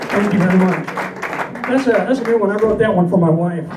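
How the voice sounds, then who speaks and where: A man's voice: sits high, brisk, over a noisy crowd. A man from Southern California reciting a humorous cowboy poem with folksy, dry comic timing. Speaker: cowboy poet. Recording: echoey, distant, noisy live recording.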